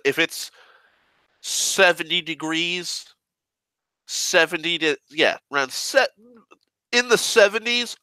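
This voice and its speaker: A man's voice: fairly high pitch, sharp tone, no room sound. A sick young man who coughs now and then, rambling in a profane, grumbling, sarcastic rant. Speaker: online rambler.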